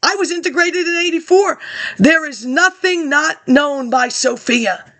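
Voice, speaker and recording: A woman's voice: high voice, a little slow, sharp tone. A woman ranting about politics to an absent audience, confrontational and accusing, jumping from topic to topic.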